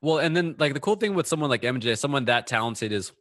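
A man's voice: mid-range voice, expressive, fast, a bit bright, no echo, studio quality. A man hosting a podcast, talking casually and rambling with many restarts and fillers. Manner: rambling, full of restarts and "you know". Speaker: podcast host.

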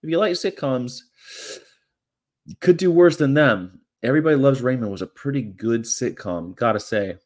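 A man's voice: mid-range voice, expressive, a little fast, darkish tone. A man vlogging in a casual, rambling monologue with offhand, crude, jokey asides.

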